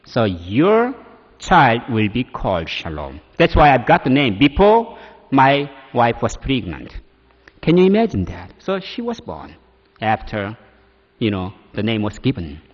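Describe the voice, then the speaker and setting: A man's voice: medium pitch, wildly swooping pitch, unhurried. A man from Korea with a Korean accent, preaching a personal testimony with emotion and many fillers. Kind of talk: testimony sermon. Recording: dull audio in a reverberant hall.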